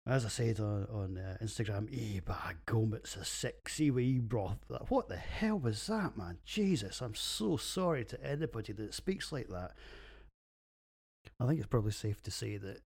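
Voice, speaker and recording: A Scottish man with a low, gravelly voice rambles through a solo beer podcast. His talk is crude, full of swearing and jokes at his own expense, and he records from his home office. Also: sing-song, moderate pace, darkish tone. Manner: crude, sweary, self-mocking banter. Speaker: podcast host reviewing beers. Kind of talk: casual solo podcast monologue.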